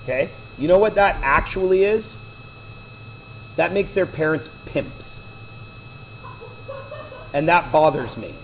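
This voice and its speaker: A man's voice: fairly high pitch, animated, slow, long pauses, a little hiss or hum, rough recording. A man teaching math to a class, lecturing with chatty, joking side stories. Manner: chatty, digressive, joking asides.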